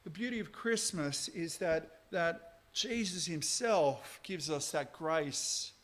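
A man in his thirties preaching a Christmas sermon, telling stories with swings between soft asides and loud outbursts. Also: a little high, slow.

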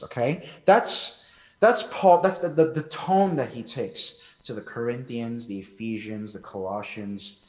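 A man's voice: mid-range voice, a little slow. A young man preaching a sermon as pastor, emphatic and conversational. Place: church hall. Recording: echoey church hall, voice from far off.

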